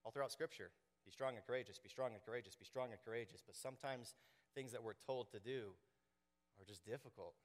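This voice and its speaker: A man preaching a sermon to his congregation, animated and joking, acting out quoted voices. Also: medium pitch, fast. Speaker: pastor. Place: church sanctuary. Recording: long hall reverb.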